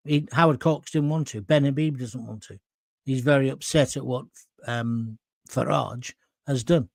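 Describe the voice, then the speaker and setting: A man's voice: mid-range voice, unhurried, gravelly, no echo, studio quality. A man hosting a live stream. He reads viewers' comments aloud and answers them in a blunt, emphatic, opinionated way, with some mild swearing, and he sounds hot and sweaty. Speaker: host of a live current-affairs stream.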